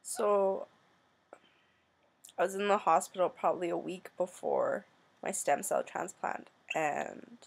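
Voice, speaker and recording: Young canadian woman talking softly, halting and teary, lots of pauses. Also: on the low side, creaky, husky. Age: young adult. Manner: soft, halting, emotional, many pauses. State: tearful. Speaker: vlogger. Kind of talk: personal storytelling.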